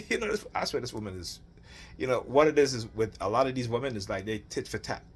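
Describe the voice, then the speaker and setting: A man's voice: mid-range voice, fast, husky. A man venting about family matters in a rambling, heated monologue, often asking "right?". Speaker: father venting on his channel. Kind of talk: casual rant to camera.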